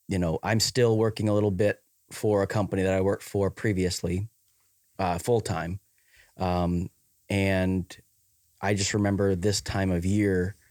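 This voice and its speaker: A man's voice: deep voice, darkish tone, no room sound, studio quality. A man with a Wisconsin accent in casual podcast chat, rambling with many fillers and restarts. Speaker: podcast co-host.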